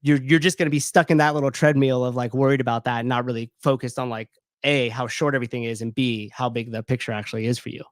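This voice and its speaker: A man's voice: mid-range voice, steady tone, quick pace, hardly any pauses, no room sound, studio quality. A man in his thirties, a gym owner, telling a personal story in a loose, candid way, full of fillers and swearing. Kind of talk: casual storytelling.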